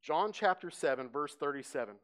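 Animated man teaching a sermon. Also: on the high side, a little fast. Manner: animated storytelling, acts out crowd voices. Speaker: pastor.

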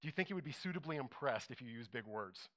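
A man's voice: medium pitch, animated, quick pace, fairly bright tone. A man preaching a conversational sermon to a congregation, often asking them questions.

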